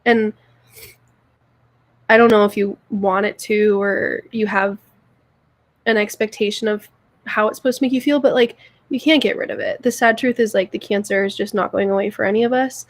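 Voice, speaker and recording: A woman's voice: mid-range voice, steady tone, normal speed. A young woman co-hosting a podcast, talking earnestly in a rambling way, repeating words and restarting as she goes. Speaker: podcast co-host. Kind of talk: heartfelt casual chat.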